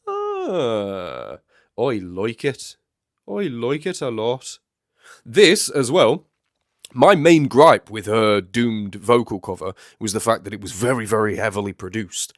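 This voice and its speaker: A man's voice: lowish voice, no echo, clean studio sound. A man with a blocked nose, getting over the flu, giving rambling casual commentary while reacting to a music video. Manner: chatty, rambling, self-correcting.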